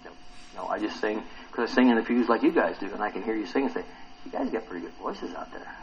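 Speaking fast in a lowish voice, a man preaches to his congregation with animation, asking them questions and acting out quotes he reads. The recording is muffled, with a little hiss or hum.

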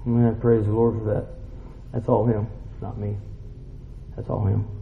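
A male pastor preaching a sermon in a church, folksy and casual, swinging from hushed asides to excited outbursts. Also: fairly low pitch, measured pace, vocal fry, slight background noise. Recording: roomy, dull hall sound.

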